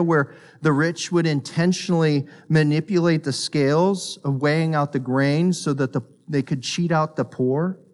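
A man preaching a sermon, earnest and emphatic, repeating words as he builds a point and sinking low and quiet on solemn lines. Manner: repeats words while thinking. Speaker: pastor.

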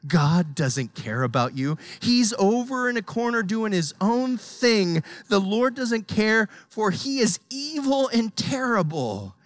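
A preacher doing Satan, low and taunting. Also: sing-song, takes it slowly, hardly any pauses, no echo. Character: lying, sneering devil tempter.

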